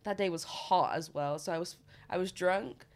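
A woman's voice: fairly low pitch, moderate pace. A young woman, chatting casually as a podcast co-host and telling stories with frequent laughter. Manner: chatty storyteller, laughs often. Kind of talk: casual chat.

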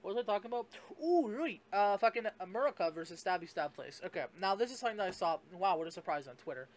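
A man's voice: high-pitched, expressive, fast. A young man hosts a solo podcast. He rambles and swears freely, restarting his sentences and leaning on fillers as he talks things through. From Canada. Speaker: podcast host. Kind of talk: casual solo podcast rant.

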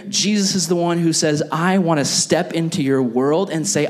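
Animated man preaching a sermon. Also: on the high side, normal speed, hardly any pauses. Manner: animated, acts out quoted voices. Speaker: pastor.

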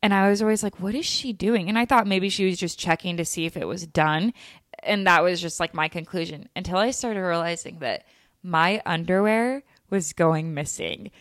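A woman's voice: lowish voice, normal speed, no room sound, clean studio sound. A young woman hosting a podcast, telling a story in a candid way, swearing freely and laughing as she goes. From lived in Utah. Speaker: podcast host. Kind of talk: casual storytelling chat.

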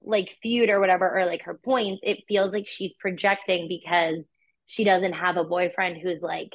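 A woman's voice: lowish voice, fairly even intonation, moderate pace, dull audio. A woman co-hosting a podcast, chatting casually and playfully with plenty of fillers. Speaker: podcast co-host. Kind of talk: casual chat.

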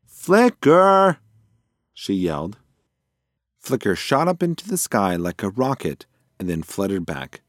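A man narrating a children's storybook in an expressive, lively storytelling manner. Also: low-pitched, normal speed, no room sound, studio quality. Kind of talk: storybook reading.

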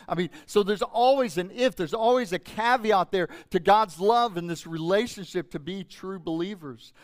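A man's voice: high voice, moderate pace, few pauses. A middle-aged male pastor preaching a sermon in an emotional, emphatic way that keeps rising and falling.

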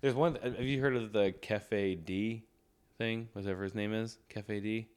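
Young guy w a lowish voice rambling on a podcast, keeps restarting and laughing. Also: steady tone, measured pace, darkish tone, smooth. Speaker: podcast co-host. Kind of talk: casual chat.

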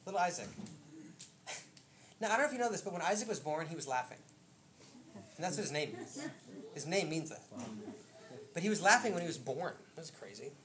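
A woman pastor preaching in a church, chatty and laughing, swinging from loud storytelling to hushed intimate moments. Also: deep voice, very animated, a little fast, pauses often. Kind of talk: sermon. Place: church sanctuary.

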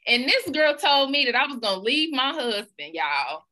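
A woman hosting a podcast, telling a personal story in a casual, animated, slangy way and laughing along. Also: high voice, normal speed. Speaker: podcast host.

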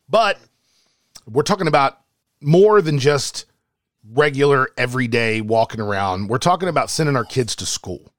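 A man's voice: medium pitch, animated, moderate pace, fairly bright tone, no echo, clean studio sound. A man hosting and moderating a podcast debate, pressing his panelists with emphatic questions.

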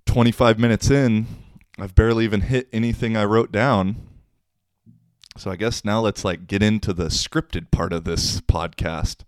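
A man's voice: lowish voice, fairly even intonation, moderate pace, no echo, clean studio sound. A young man hosting a solo podcast, chatting casually in a slangy, rambling, self-mocking way. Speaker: podcast host.

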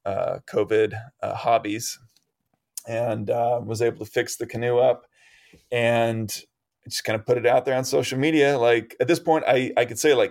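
A man recounting a road-trip story as a radio interview guest, in a middle-pitched voice. He talks loosely with fillers and restarts and laughs often. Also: normal speed, creaky. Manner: rambling, animated, laughs often.

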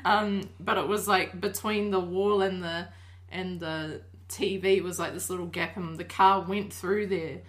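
A woman's voice: on the low side, unhurried. Young woman, chatty storyteller, laughs a lot, acts out voices. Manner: laughs often, animated quoting with cries. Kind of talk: casual storytelling among friends.

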